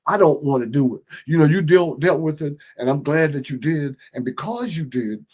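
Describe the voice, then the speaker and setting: Emphatic male motivational speaker, raised pitch. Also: lively intonation, normal speed, darkish tone. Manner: emphatic, preachy, repeats key phrases; frequent restarts and stumbles. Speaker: book publisher and strategist. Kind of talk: motivational livestream talk.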